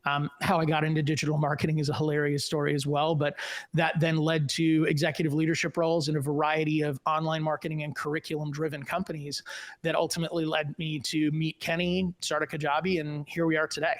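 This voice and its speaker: A man's voice: on the high side, fast. Upbeat man telling his life story. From US Midwest, Chicago suburbs. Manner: lively storyteller, acts out quoted dialogue. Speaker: guest, tech company executive. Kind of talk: podcast interview storytelling.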